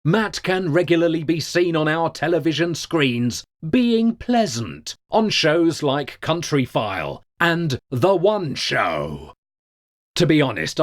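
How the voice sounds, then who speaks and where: Deadpan British comedy narrator, middle-aged man, slow and dry with a lively pitch. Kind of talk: deadpan comic monologue.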